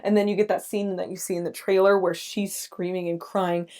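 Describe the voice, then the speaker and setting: A young woman hosting a podcast, recapping a film in casual chat, speaking in halting restarts with nervous laughs as she gets emotional. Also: on the low side, level tone, a little mellow. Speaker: podcast host.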